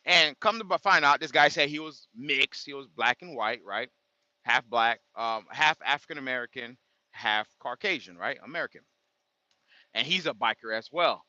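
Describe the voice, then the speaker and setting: A man who drives trucks tells a story on a casual livestream, with lively, emphatic retelling and acted-out quotes. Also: medium pitch, measured pace, dry recording, dull audio. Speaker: truck driver content creator.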